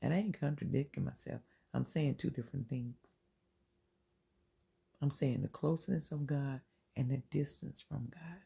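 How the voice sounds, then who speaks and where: Very husky, gravelly faith encourager. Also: mid-range voice, normal speed, warm tone. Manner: earnest and preachy, repeats phrases, drops into whispers for emphasis. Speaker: channel host sharing faith encouragement. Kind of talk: informal inspirational faith talk.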